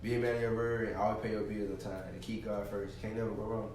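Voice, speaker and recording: A man's voice: on the low side, level tone, quick pace, a little mellow, a little hiss or hum. A man, talking casually and with slang as an interview guest. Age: 20s. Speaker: guest, YouTuber. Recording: echoey room, far from mic.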